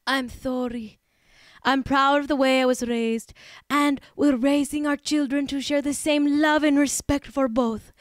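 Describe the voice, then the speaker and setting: A woman's voice: high voice, steady tone, measured pace, dry recording, clean studio sound. A woman doing a mocking impression of a woman who fakes a Spanish accent with a lisp, reading an apology with mock sincerity. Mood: mock-sincere.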